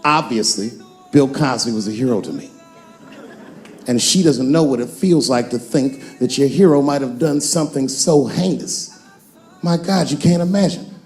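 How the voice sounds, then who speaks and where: A man in his forties performing a stand-up comedy set on stage, telling a long story and jumping into high-pitched voices for the characters. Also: normal speed, a little mellow, faint music behind. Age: 40s. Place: large theater stage with a live audience.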